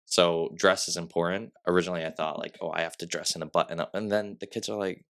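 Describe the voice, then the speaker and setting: A young man with a very low voice chats casually on a podcast, sniffling a little as he goes. He tells his stories loosely and fills them with "like". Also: fairly even intonation, fast talker, fairly bright tone. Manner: storytelling with acted quotes, many "like" fillers. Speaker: podcast guest.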